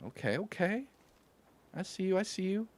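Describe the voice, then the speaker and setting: A man's voice: high voice, lively intonation, normal speed. A man from Louisville hosting a gaming livestream, greeting his chat in an upbeat, slangy way and laughing often. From Louisville, Kentucky. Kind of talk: casual livestream chat with viewers.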